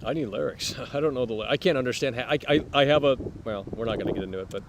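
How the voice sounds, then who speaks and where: A man hosting a live stream, rambling to his chat with sudden loud bursts. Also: medium pitch, very fast, a little hiss or hum.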